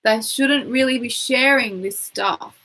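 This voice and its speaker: A woman leads a guided tapping session in a gentle, instructive way. Her voice sits a little high, and she calmly names each tapping point and breathing cue. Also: measured pace. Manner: gentle, instructive, repeats phrases for listener to echo. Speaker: tapping coach.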